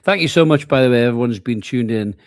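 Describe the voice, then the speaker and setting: Late at night, a weary man co-hosts a football watchalong stream, keeping the match chat laid-back with jokes and casual swearing. He talks at a quick pace in a medium pitch, recorded cleanly in a studio with no room sound.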